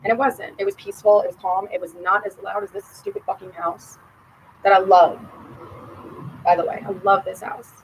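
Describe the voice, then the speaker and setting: A woman venting to her camera at her sister, bitter and profane, her voice dropping low or flaring hot. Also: little pitch movement, normal speed, a little hiss or hum, low-quality recording. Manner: swings between muttering and heated outbursts. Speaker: vlogger addressing her sister. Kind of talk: personal rant to camera.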